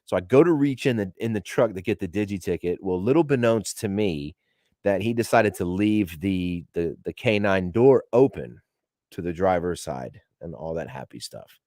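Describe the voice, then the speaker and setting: A man's voice: sits low, expressive, normal speed, darkish tone, dry recording, clean studio sound. A man telling stories in casual, rambling, profane talk to a live audience, laughing as he goes. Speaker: podcast host.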